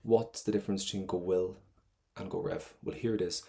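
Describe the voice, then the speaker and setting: A man's voice: low voice, steady tone, normal speed, gravelly, darkish tone. Upbeat Irish man teaching a class. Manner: upbeat, playful teacher, explains step by step. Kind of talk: online exam prep class.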